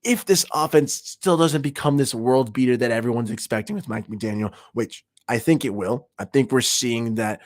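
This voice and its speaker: A young man hosts a fan livestream and talks football in a hyped, emphatic, rambling way. His voice sits in a middle pitch and is recorded very dry, close to the streaming mic. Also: normal speed, few pauses, no room sound. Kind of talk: excited sports fan livestream talk.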